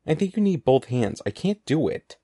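A man's voice: a little high, sing-song, normal speed, warm tone, no echo, clean studio sound, pitched above the performer's own voice. A man voicing a frightened young boy in a storybook, urgent and firm. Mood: pleading. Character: scared young boy, insistent.

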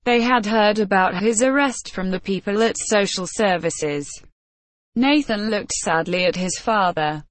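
Woman narrating a graded reader, slow pace, dry close recording. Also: medium pitch, no room sound. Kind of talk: scripted narration.

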